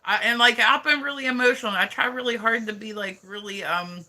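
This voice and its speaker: Sharp-voiced man rambling on a livestream. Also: very high voice, brisk. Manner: rambling, profane, heavy use of "like". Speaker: live streamer. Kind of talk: casual livestream chat.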